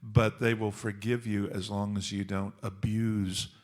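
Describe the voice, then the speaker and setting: A man speaking on a writers' conference panel, measured and wry with joking asides. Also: lowish voice, little pitch movement. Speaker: panelist author.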